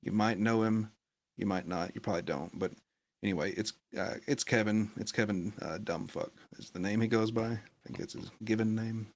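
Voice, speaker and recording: Male stream host, low and monotone, dry and offhand. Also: normal speed. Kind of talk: casual live-stream interview.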